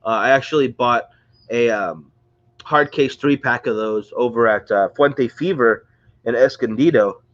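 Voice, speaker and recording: A man's voice: mid-range voice, measured pace, a bit bright, dull audio. A man hosting a casual livestream, rambling and chatty while sounding congested and under the weather. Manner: rambling, chatty, greets viewers. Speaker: livestream host. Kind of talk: casual live-stream chat. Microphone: close to a screen or phone.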